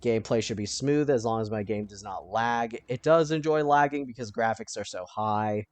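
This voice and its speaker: A man giving casual let's-play commentary, thinking aloud and now and then breaking into panicked yelling. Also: fairly low pitch, normal speed, no echo.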